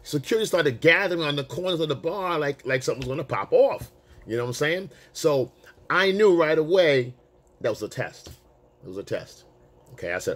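A male dating coach telling a story to camera in a casual, animated way, swearing freely and using street slang. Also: fairly high pitch, fairly quick.

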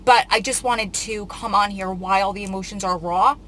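A young woman shares a long, rambling storytime with her viewers, confiding and close to tears throughout. Her mid-range voice is a bit bright with fairly even intonation at a normal speed, and the poor audio has slight background noise.

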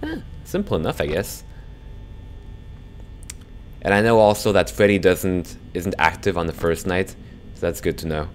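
A man's voice: low voice, expressive, moderate pace, long pauses, soft background music. Jumpy young man commentating a horror game. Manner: jumpy, swears when scared, talks to viewers. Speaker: gaming YouTuber.

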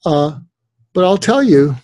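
A slightly high-pitched older man speaks slowly as a psychiatrist guest in a podcast interview, with no room sound. He brings his stories to life, acting out the voices of people he quotes.

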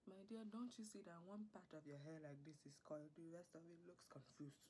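A woman's voice: fairly low pitch, brisk, noisy background, lightly acted. A woman voicing a fussy, doting middle-aged African father with an African English accent, in a whispered role-play, coaxing and pleading. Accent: African English impression. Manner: coaxing, pleading, fussing over the listener.

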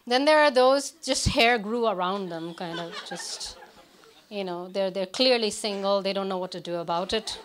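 Woman, stand-up comedian, deadpan, mid pitch, noisy recording. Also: normal speed. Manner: deadpan delivery.

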